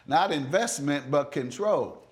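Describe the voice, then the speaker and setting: Blunt, higher-voiced male judge. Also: expressive, a little slow, husky. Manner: blunt, interrupting, pressing with short questions. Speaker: television judge. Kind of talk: courtroom questioning. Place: courtroom set.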